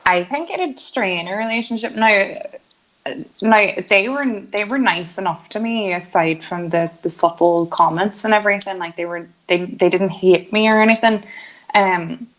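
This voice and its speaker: Woman in her 20s on a podcast, telling a story and doing the voices of people in it, chatty, mid pitch. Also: normal speed. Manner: storytelling, acting out quotes, laughing often. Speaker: podcast co-host. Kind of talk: casual chat.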